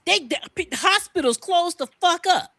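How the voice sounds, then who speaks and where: A woman's voice: very high-pitched, expressive, normal speed, gravelly, pushed and bright, no echo, clean studio sound. A woman from the United States co-hosting a podcast, ranting in a profane, fired-up way. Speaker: podcast co-host. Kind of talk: heated casual podcast talk.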